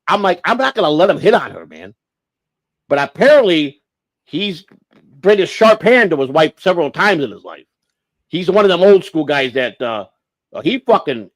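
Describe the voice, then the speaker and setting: A man's voice: on the high side, very animated, normal speed, no room sound. A man hosting a livestream, telling a long story in a profane, rambling way with lots of restarts. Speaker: livestream host.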